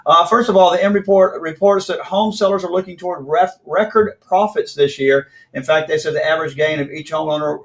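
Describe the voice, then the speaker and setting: A man hosting a casual news commentary video from South Carolina, talking in a brisk, opinionated, ranting way. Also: on the high side. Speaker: host.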